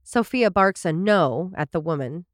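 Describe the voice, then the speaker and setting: A woman with a lively, swooping voice chats through an episode recap, laughing easily and tripping over her own reading. The sound is dry and close. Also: on the low side, a little slow, no echo. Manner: laughs often, reads summaries aloud and trips over words. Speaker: podcast co-host. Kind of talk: casual chat recapping a sitcom episode.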